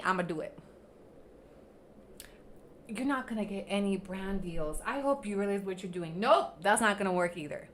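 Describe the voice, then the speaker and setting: A woman's voice: mid-range voice, animated, moderate pace, long pauses, fairly bright tone. A young woman hosting a casual livestream, venting bluntly and with plenty of swearing at critics in the comments. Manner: blunt, profane, ranting at critics. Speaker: livestream host.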